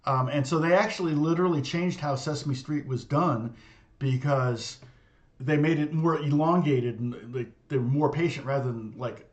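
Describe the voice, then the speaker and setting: A man's voice: fairly high pitch, normal speed. A middle-aged man, a guitar teacher, chatting casually and rambling, with many fillers, restarts and laughs. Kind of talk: casual livestream chat.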